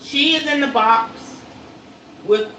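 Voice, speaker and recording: Speaking slowly in a fairly high, sharp-toned voice, a woman host shows her viewers an object and chats with them, addressing them as "y'all." The recording is roomy, with faint noise in the background.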